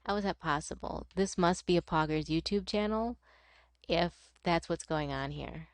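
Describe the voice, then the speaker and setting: A young woman streamer chats casually while gaming, rambling, swearing and laughing often. Her voice is fairly low and she speaks at normal speed. The sound is clean studio quality with no room sound.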